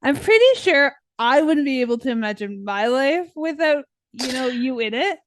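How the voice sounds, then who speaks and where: A woman's voice: high voice, animated, normal speed, dry recording. Chatty woman podcast co-host, dry sound. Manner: chatty, full of "like" and "right?". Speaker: teacher. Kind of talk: casual chat.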